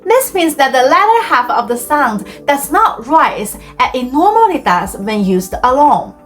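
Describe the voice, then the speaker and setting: A woman teaching Chinese in a clear, deliberate scripted explainer, slowing down to model tones. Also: sits high, big pitch swings, a bit bright, faint music behind.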